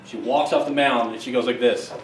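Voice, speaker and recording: A middle-aged man giving a conference keynote, telling stories in an emphatic, lively way with quick asides. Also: medium pitch, slight background noise. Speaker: keynote speaker, psychologist. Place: conference hall. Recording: echoey hall, distant mic, faint ambience.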